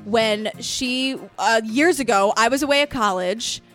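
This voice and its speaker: Young woman, casual podcast co-host, chatty and quick to laugh, high-ish voice, faint music bed. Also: a bit bright. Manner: chatty storyteller, laughs often. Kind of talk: casual chat.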